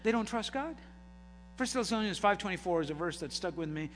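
Male pastor, middle-aged, high bright voice, fervent sermon delivery, reverberant hall. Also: expressive, brisk, a little hiss or hum. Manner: impassioned, rising to shouts. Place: church sanctuary.

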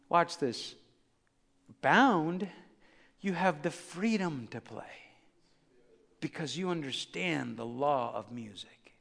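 A man preaching a sermon as pastor, building to shouts and calling on the congregation to answer back. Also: high-pitched. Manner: preaching with rising shouts and call-and-response. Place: church sanctuary. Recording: long reverb of a church hall.

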